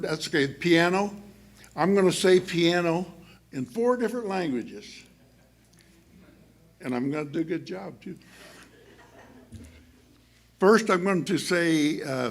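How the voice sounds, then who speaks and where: Gravelly higher-pitched male preacher. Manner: chatty, halting with many fillers and restarts; laughs often while speaking. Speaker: church speaker. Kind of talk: sermon.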